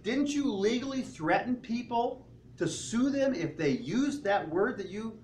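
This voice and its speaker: A man's voice: extremely high pitch, expressive, unhurried, darkish tone, slight background noise, voice pushed up. A man voicing a blunt, no-nonsense male chef who presses someone with pointed questions. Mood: stern. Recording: roomy, distant church sound.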